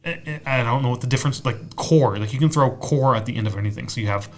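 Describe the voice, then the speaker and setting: Guy cohosting a podcast, blunt and sweary, mid pitch, just chatting. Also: fast, a little mellow, slight background noise. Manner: blunt, profane, mocking whiny voices. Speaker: podcast co-host. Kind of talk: casual chat.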